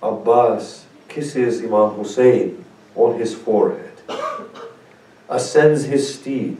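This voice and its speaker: A man as a sheikh giving a mournful sermon, telling a story slowly with dramatic pauses. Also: medium pitch, mellow. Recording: echoey hall, speaker far from mic.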